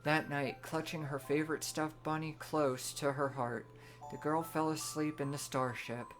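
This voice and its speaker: A woman with a lowish voice reads a storybook aloud, gentle and measured, as if at bedtime. Soft game music hums faintly behind her. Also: fairly even intonation. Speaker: streamer.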